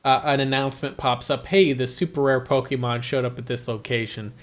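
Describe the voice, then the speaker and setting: A man hosting a casual gaming podcast, talking in an animated way, swearing freely and laughing as he talks. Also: mid-range voice, fairly quick. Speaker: podcast host.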